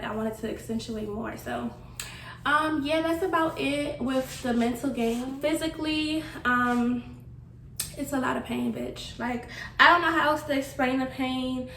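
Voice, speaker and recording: A woman's voice: high-pitched, a little hiss or hum. A young woman giving a candid vlog update, chatty and blunt, swearing casually. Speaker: vlogger. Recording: echoey room, slightly distant mic.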